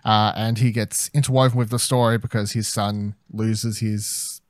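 A man's voice: on the low side, flat delivery, moderate pace, no echo, studio quality. A young Australian man co-hosting a casual TV review chat, rambling and hesitant, with casual swearing. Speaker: podcast co-host.

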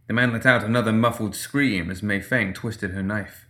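A man narrating a story in a steady, measured reading style. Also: on the low side. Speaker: audiobook narrator.

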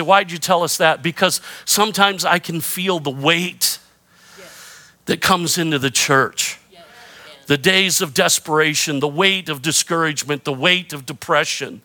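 A middle-aged male pastor preaching with a high, bright, ringing voice. He drives his points home with repetition and calls for amens. He lightens the sermon with self-deprecating humor. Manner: emphatic preaching with call-and-response prompts.

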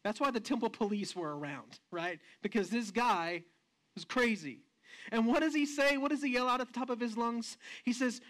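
Animated male pastor preaching a sermon. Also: very high voice. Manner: animated storytelling with rhetorical questions to the congregation; slows down and speeds up for emphasis.

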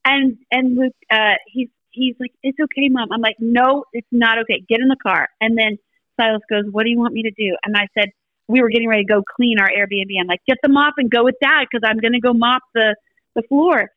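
Middle-aged woman, podcast guest, storytelling chat, higher voice, muffled lo-fi audio. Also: fairly quick, no room sound. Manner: animated storyteller acting out family dialogue.

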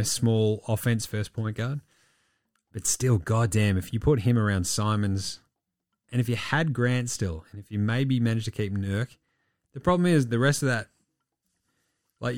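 Swearing, animated podcast man. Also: lowish voice, dry recording, clean studio sound. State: voice going hoarse. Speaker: podcast host. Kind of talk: casual basketball chat.

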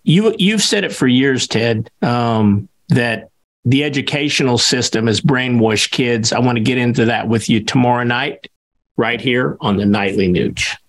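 A man co-hosting a political talk show, speaking in a measured, hesitant way with frequent fillers. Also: mid-range voice. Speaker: co-host.

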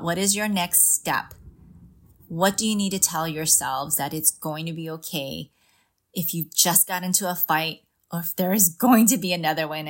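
A woman's voice: on the low side, fairly bright tone. A middle-aged woman hosting a parenting podcast, speaking to mothers in an earnest, reassuring way and often calling the listener "Mama". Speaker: parenting coach and podcast host. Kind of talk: encouraging podcast talk to mothers.

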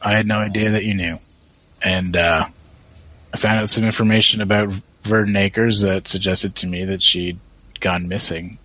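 A man voicing a tough, sincere female orc who speaks bluntly and haltingly. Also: lowish voice, fairly even intonation, bright, forceful tone, dry recording. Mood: earnest. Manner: plain-spoken, halting, apologetic. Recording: dull lo-fi podcast audio.

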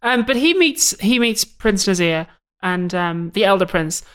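A woman's voice: mid-range voice, animated, a little slow, a bit bright, clean tone. Blunt, swearing woman. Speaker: podcast co-host. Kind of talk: casual film discussion.

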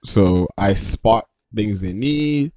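Slow, low-voiced man, dry sound. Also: expressive, mellow, dry recording. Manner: measured, reflective. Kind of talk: casual chat.

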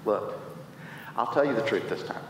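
A preacher putting on a low, smug strongman. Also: animated, natural voice. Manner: smug, boastful, low and slow. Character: cocky strong young male hero. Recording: echoey hall, faint noise.

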